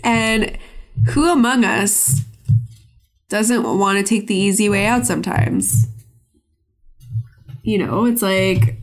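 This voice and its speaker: A woman's voice: medium pitch, slow, long pauses. A young woman hosting a casual podcast, recapping a cartoon episode in a chatty, filler-heavy way with some swearing. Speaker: podcast host.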